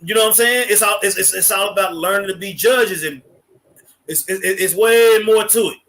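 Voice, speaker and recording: A man's voice: sits high, a little fast, a bit bright, poor audio. A man teaching in a casual Bible class, blunt and emphatic, with slang and swearing.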